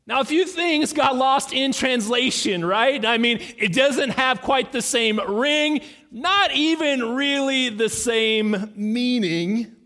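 A man preaching as pastor, earnest and halting, with many fillers and restarts. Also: very high voice, sharp tone. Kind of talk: sermon. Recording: long reverb in a large hall.

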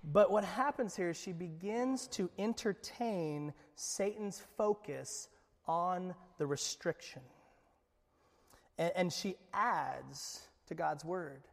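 A man's voice: sits high, animated, takes it slowly, gravelly, in a large hall. A man preaching a sermon as pastor, in an emphatic, conversational way.

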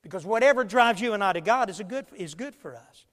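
A man preaching a sermon as pastor, emphatic, swinging between loud and quiet, speeding up and slowing down. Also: high-pitched, lively intonation, in a large hall. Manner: emphatic preaching with big swings in loudness and pace.

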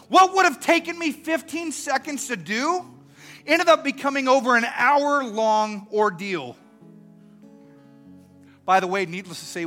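High, bright-voiced pastor preaching. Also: male voice. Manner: storytelling, swings from soft and earnest to loud and animated. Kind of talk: sermon.

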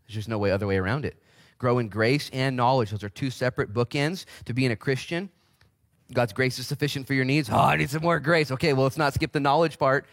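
A man in his forties preaching a casual, energetic sermon as pastor in a church, with big swings in pitch. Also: fairly quick, dry recording, clean studio sound. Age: 40s.

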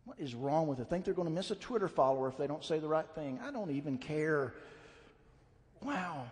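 High-voiced preacher in a reverberant hall. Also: male voice, lively intonation, brisk, a little mellow. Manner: blunt, emphatic preaching with rising fervor. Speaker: pastor. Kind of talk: sermon. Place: church sanctuary.

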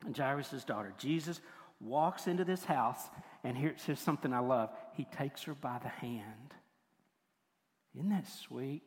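An older man preaching a sermon as pastor, moving between forceful points and hushed, tender passages. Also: medium pitch, measured pace. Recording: long hall reverb.

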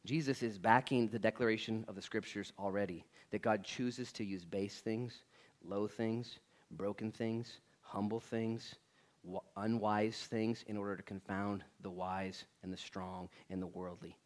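A male pastor preaching a sermon in a church with energetic, casual and slangy talk. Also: on the low side, a little slow.

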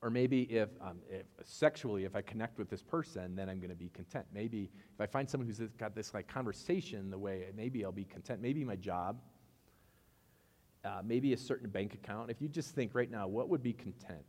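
A man pastor gives a chatty sermon full of personal anecdotes, acting out both sides of the conversations. His voice sits a little low and gets animated as the stories build. The sound carries a long reverb from a large hall.

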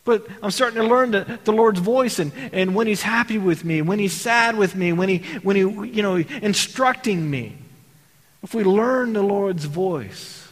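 A man from Texas delivers a sermon with a fairly high voice, talking to his congregation like old friends and throwing out rhetorical questions. His words carry a long reverb tail, as if filling a big church hall. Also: a little slow. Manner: conversational preaching with rhetorical questions. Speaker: pastor.

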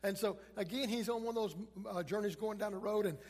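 A man preaching a sermon as pastor, dramatic, rising to loud emphasis and dropping to a hush. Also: high voice, quick pace. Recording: long reverb of a large hall.

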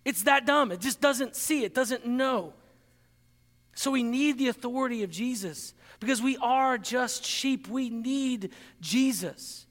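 High-voiced man preaching in a hall. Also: a bit bright. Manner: earnest, emphatic preaching with slow, stressed key phrases. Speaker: pastor. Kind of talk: sermon.

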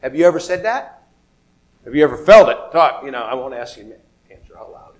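A male pastor preaching a sermon in a conversational, animated way, acting out biblical figures and asking the congregation questions. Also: mid-range voice, a little fast. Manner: conversational, asks the audience questions.

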